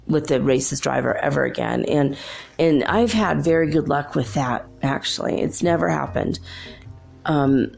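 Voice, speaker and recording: A woman with a low voice and a gravelly, creaky edge talks in a loose, rambling storytelling manner as a podcast host. She keeps it chatty and laughs often, with faint guitar music in the background. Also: fairly even intonation, moderate pace, darkish tone. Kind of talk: casual storytelling monologue.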